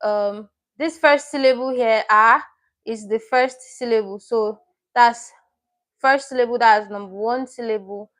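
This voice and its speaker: A woman with a slightly high voice teaches a live online class. She talks in a chatty way, repeats words and corrects her own slips as she goes. She reads out viewers' names and comments. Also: a little slow, a bit bright. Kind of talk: live-stream lesson.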